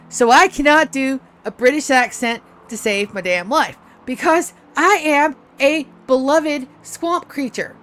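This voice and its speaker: Profane, rambling woman streamer. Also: high voice. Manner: rambling, profane, animated storytelling. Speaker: streamer and game master. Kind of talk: casual chat while streaming a game.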